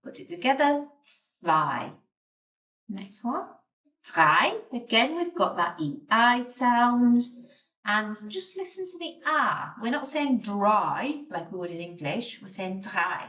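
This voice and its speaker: A woman's voice: a little high, big pitch swings, measured pace, fairly bright tone. A woman teaching a beginner language lesson, patiently sounding out and spelling words. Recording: roomy, distant, dull lo-fi sound.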